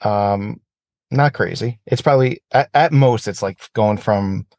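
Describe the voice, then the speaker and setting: Male co-host, low gravelly voice, casual and profane, dry close sound. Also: measured pace, no echo. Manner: profane, animated rants. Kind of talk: casual chat.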